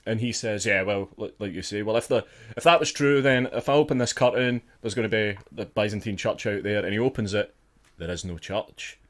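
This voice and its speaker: A man's voice: lowish voice, a little fast, a bit bright. A man co-hosting a casual film podcast, chatty and swearing freely as he retells scenes. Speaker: podcast co-host.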